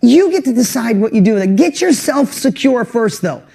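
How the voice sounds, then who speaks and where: High-voiced earnest motivational man. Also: sing-song, normal speed, vocal fry, breathy edge. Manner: emotional, earnest, pushes up loud on rallying lists. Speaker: online course host. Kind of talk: motivational webinar talk.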